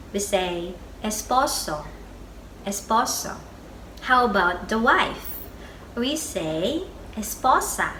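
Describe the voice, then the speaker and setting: Slow, bright-voiced woman teaching vocabulary. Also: medium pitch. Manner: repeats each word twice, slow and deliberate. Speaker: Spanish teacher. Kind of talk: slow beginner language lesson. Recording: echoey room with faint background noise.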